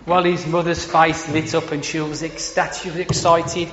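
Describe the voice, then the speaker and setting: A man's voice: a little high, little pitch movement, moderate pace, hardly any pauses, a bit bright. A man preaching a sermon, emphatic, repeating words for stress and asking rhetorical questions. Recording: echoey hall, dull lo-fi sound, faint hiss.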